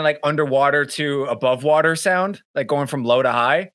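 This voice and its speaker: Brief: male podcast co-host, somewhat high voice, dry close sound, animated, swears freely. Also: a little fast, few pauses, no echo. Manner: animated, swearing, mocks clients in put-on voices. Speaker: podcast co-host, band member. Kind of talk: casual chat. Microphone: webcam.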